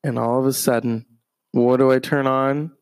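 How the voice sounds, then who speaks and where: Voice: medium pitch, little pitch movement, normal speed, a little mellow, no room sound. A streamer rambling through a profane, meandering story in a casual monologue.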